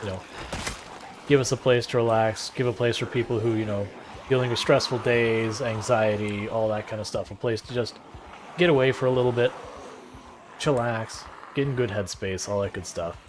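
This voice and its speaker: A man's voice: on the low side, fairly even intonation, normal speed, noisy background. A man streaming a game and chatting casually, rambling and sarcastic, often restarting his sentences. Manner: rambling, self-deprecating and sarcastic. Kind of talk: casual gameplay chat.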